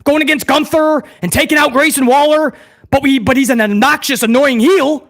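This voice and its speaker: A man's voice: very high voice, fairly even intonation, normal speed, fairly bright tone. A man hosting a live watch-along review, ranting heatedly to his chat with plenty of swearing. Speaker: host of a wrestling review show.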